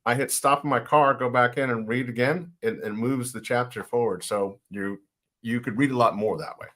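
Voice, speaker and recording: Man, livestream co-host, plainspoken, blunt, mid-pitched. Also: normal speed, fairly bright tone. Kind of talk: casual livestream chat.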